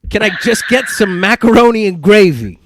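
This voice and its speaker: Man doing a brassy Italian-American mobster, pitched high and bouncy. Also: very animated, normal speed, fairly bright tone, slight background noise. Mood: mock-tough. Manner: exaggerated Italian-American accent. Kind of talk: comedic impression.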